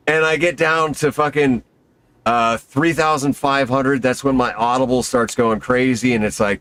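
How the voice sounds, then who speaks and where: A man telling a skydiving story in an excitable, profane, casual way, acting out quotes. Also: medium pitch, moderate pace.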